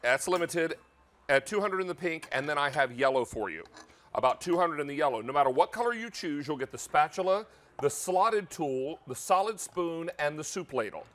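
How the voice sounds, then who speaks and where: A man hosting a live TV shopping show in a studio kitchen, making an upbeat, persuasive sales pitch about prices and stock. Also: lively intonation, moderate pace, fairly bright tone. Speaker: shopping channel host.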